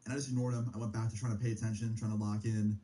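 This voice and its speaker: A man's voice: lowish voice, level tone, very fast, mellow, rough recording. A young man streaming, casually rambling through a personal story with plenty of swearing and filler words. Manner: rambling, profane, heavy use of filler like.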